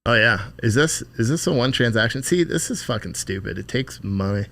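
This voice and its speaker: A man's voice: mid-range voice, lively intonation, a little fast, gravelly, fairly bright tone. A man hosting a live stream, chatting casually and rambling with heavy swearing while he thanks viewers for donations. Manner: profane, rambling, thanks donors by name. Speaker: livestream host.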